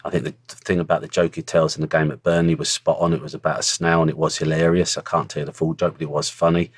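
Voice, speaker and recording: Blunt middle-aged ex-pro, very low voice, close dry sound, casual storyteller. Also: male voice, flat delivery, fast talker, breathy edge, no room sound. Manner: blunt, earthy storytelling with swearing. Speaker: former footballer, guest. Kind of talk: casual interview chat.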